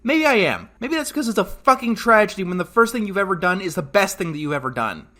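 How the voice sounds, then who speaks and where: A man reviews a cartoon in a scripted voice-over, ranting with sarcasm and the odd curse. His voice sits high and sounds bright and sharp. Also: sing-song, fast. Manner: sarcastic, exasperated and ranting, with swearing. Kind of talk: scripted comedic review narration.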